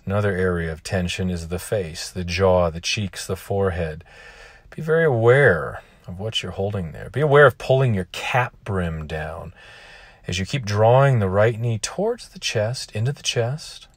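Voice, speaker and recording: Brief: male yoga teacher, low voice, dry close sound, calm soothing cues. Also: normal speed, slightly rough, dry recording. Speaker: yoga instructor. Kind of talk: guided yoga class. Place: outdoors.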